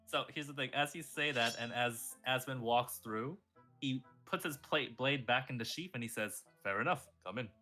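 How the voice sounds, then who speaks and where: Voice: mid-range voice, normal speed, bright, forceful tone, faint music behind. A game master narrating a tabletop game in a playful way, laughing often.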